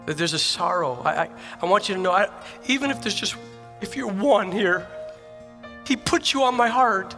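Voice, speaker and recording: A man's voice: sits high, animated, normal speed, pushed and bright, faint music behind. A man preaching a sermon as pastor, telling personal stories in an earnest, emphatic way with repeated phrases. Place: church sanctuary.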